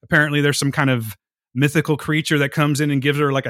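A man's voice: a little high, fairly even intonation, fast talker, a bit bright, no room sound, clean studio sound. A man hosting a podcast, giving blunt, opinionated reviews in casual chat. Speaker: podcast host.

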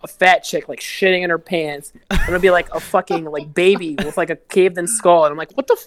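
A man's voice: sits high, fairly even intonation, fairly quick, a bit bright. A man chatting as a guest musician on a casual podcast, rambling and swearing, with lots of "like". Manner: rambling, profane, heavy use of "like".

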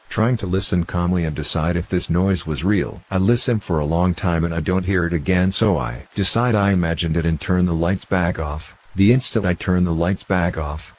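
A man reading out a series of first-person scary stories in a steady, measured narration. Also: sits low.

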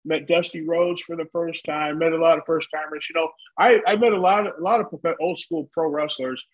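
A man's voice: on the high side, fairly even intonation, fairly quick. A man in his fifties telling long, profane stories in casual chat as a podcast co-host. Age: 50s. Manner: profane, rambling storyteller. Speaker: podcast co-host, former pro wrestler. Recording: dull lo-fi audio.

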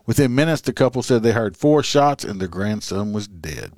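A man's voice: fairly low pitch, lively intonation, normal speed, a little mellow, no echo, studio quality. A man reading a news story aloud, breaking in with sarcastic, profane commentary.

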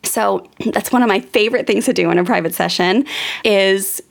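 A woman's voice: medium pitch, normal speed, creaky. A woman in her thirties, a parenting educator, talks straight to her listeners in a candid, chatty monologue. She strings thoughts together loosely, with plenty of fillers. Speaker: parenting educator and podcast host. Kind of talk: casual storytelling monologue.

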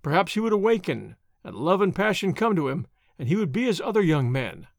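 A man narrating a classic novel in a measured storytelling manner. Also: high-pitched, big pitch swings, creaky, dry recording, clean studio sound. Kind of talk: audiobook narration.

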